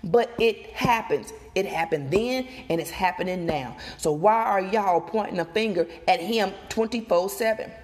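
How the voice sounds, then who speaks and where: A woman vlogger recording outdoors, giving emphatic, animated opinion commentary and talking straight to her viewers. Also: mid-range voice, normal speed, few pauses. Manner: emphatic, animated, repeats and addresses viewers directly. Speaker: gossip vlogger.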